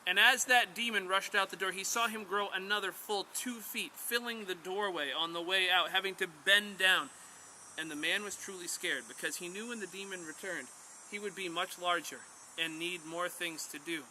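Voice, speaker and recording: A man, a bushcraft instructor, telling an animated story to a camp group outdoors. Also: high voice, moderate pace, a little hiss or hum. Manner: animated storyteller, draws lessons from tales. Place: outdoors at a woodland skills camp.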